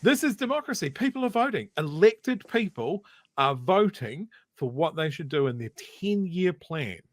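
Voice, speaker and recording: A man's voice: fairly high pitch, sing-song, normal speed, dry recording, clean studio sound. A man with a New Zealand accent, co-hosting a casual political commentary show, emphatic and argumentative. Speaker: co-host.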